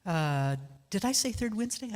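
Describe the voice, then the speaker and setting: A woman's voice: medium pitch, sing-song, moderate pace, a little mellow, in a large hall. A woman giving church announcements as volunteer coordinator, chatty and joking, often correcting herself.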